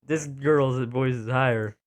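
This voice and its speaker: A man's voice: mid-range voice, fairly even intonation, unhurried. A young man hosting a reaction video, rambling and mocking himself as he comments. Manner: rambling, self-mocking, stumbles over words. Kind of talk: casual commentary.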